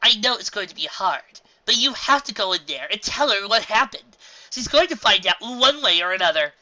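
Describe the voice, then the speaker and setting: A woman's voice: medium pitch, expressive, normal speed, bright, forceful tone, pitched above the performer's own voice. A woman voicing a spunky young filly friend from a storybook, talking in a chirpy, blunt way. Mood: firm. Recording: dull lo-fi home recording.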